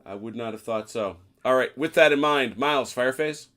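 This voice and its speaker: A man running a tabletop wargame as game master, relaxed and guiding players through the rules. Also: mid-range voice, moderate pace, over music.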